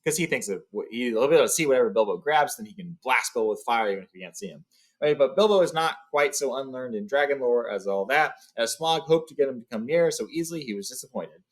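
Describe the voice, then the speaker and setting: A man's voice: medium pitch, lively intonation, fast talker. Man reading a book aloud, casual asides. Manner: reads, then sums up casually with fillers. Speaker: reader. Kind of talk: book read-along with casual summaries.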